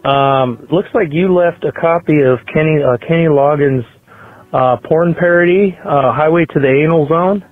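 Brief: man, deadpan and halting, slightly high, dry tinny phone sound. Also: no echo. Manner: deadpan, hesitant with many ums. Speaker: voicemail caller.

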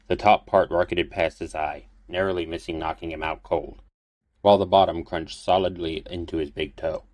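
Male audiobook narrator, deep and calm, dry close recording. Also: moderate pace, no echo. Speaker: audiobook reader. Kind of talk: fan fiction audiobook narration.

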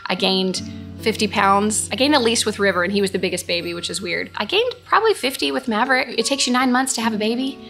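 A woman's voice: medium pitch, lively intonation, quick pace, gravelly, a bit bright. A woman, hosting a casual question-and-answer chat in an earnest, gushing way that repeats phrases. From Texas. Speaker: host. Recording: music playing in the background.

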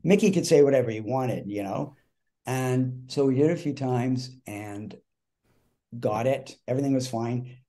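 An animated male storyteller who recounts a day on set in a loose, chatty way. His voice sits in an ordinary middle range, and he keeps jumping into the people he describes. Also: mid-range voice, normal speed. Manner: animated, lots of fillers and restarts, acts out quotes. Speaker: actor telling a story. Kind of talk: casual storytelling.

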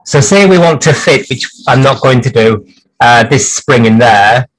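A man's voice: medium pitch, measured pace, rough recording. A man teaching clock repair on a livestream, rambling and thinking aloud as he works at his bench. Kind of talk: live workshop demonstration.

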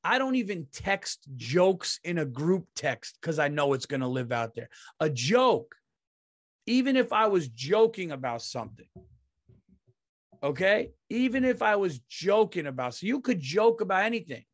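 A man's voice: sits high, sing-song, moderate pace. A man, a comedian hosting his podcast, telling a story in a heated, profane ranting monologue.

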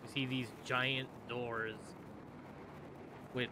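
Male game master, measured scene-setting narration, noise behind. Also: medium pitch, level tone. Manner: slow, descriptive narration. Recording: noisy room recording.

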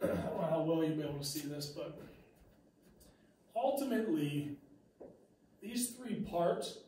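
A man's voice: a little high, expressive, measured pace, mellow, recorded from a distance, slight background noise. A male teacher giving a casual classroom lecture, conversational with fillers and restarts. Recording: very echoey room, mic from afar.

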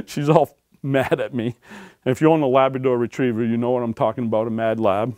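A man's voice: medium pitch, fairly quick, a little mellow. A man tells search and rescue stories to a crowd in a folksy way, often tagging "right?" onto his sentences. His voice sits in the middle range, and the sound is dry with no room echo. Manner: folksy, keeps checking in with "right?". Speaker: author and search and rescue dog handler. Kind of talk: storytelling talk to an audience. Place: public library talk.

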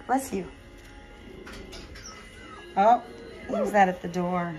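On poor audio with music behind her, a woman breeder talks slowly and pauses at length. She's chatty about her puppies to the camera and now and then coos at them in a higher sing-song tone.

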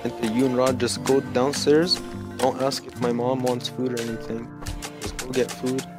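A man's voice: mid-range voice, level tone, moderate pace. A young man and student in a heated argument, insistent and aggrieved, pressing his point again and again. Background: music playing.

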